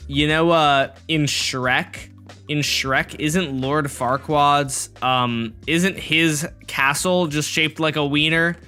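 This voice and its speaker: A young man live-streams a block game and rambles goofily to his chat as he builds. His voice sits a bit high with a bright, forward edge, and faint music plays under him. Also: fairly even intonation, slow. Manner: goofy, rambling, talks to chat while playing.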